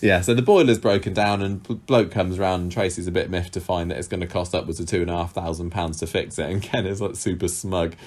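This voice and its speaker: A man's voice: low-pitched, fairly even intonation, fast, few pauses, darkish tone. A man co-hosting a casual chat podcast about a soap opera, chatty, often laughing and acting out quotes in funny voices. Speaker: podcast co-host.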